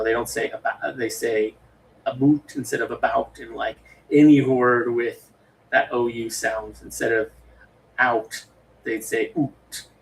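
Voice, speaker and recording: American male streamer, gravelly, rambling casual chat, a bit off-mic with faint room hiss. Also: medium pitch, a bit bright, recorded from a distance, poor audio. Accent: General American. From western United States. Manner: rambling, many fillers and restarts. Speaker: livestream host.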